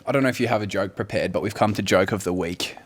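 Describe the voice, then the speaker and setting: A man's voice: lowish voice, quick pace. A man, co-hosting a casual, jokey podcast chat. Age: 30s. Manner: laid-back, jokey, laughs often. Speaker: podcast co-host.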